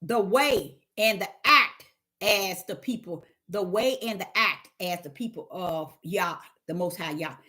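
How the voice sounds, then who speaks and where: A woman's voice: fairly low pitch, measured pace, sharp tone. A woman teaching the Bible on a livestream, emphatic and repetitive, firing rhetorical questions at her chat.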